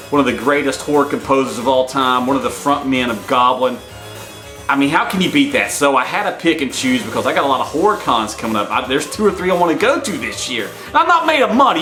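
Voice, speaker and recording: In a casual hype vlog, a man talks in brash, boastful hype-man patter. His voice is medium-pitched and sharp, with echoey room sound.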